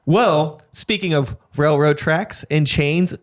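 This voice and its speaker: A man's voice: fairly high pitch, slow. A man hosting a podcast in casual chat, loose and full of fillers, sometimes swearing. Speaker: podcast host.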